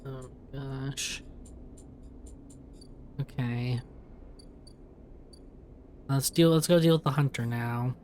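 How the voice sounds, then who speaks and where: A man's voice: medium pitch, extremely slow, pauses often, a little mellow, a little hiss or hum. A man casually talking to himself while playing a story game, thinking aloud and restarting his sentences. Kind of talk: casual gameplay commentary. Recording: game music playing behind. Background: game music.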